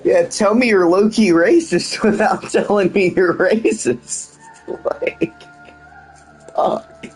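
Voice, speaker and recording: A man's voice: high voice, a little slow, slightly rough, soft background music, rough recording. A man streaming a video game and chatting casually, joking and swearing a lot and laughing often. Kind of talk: casual gameplay commentary.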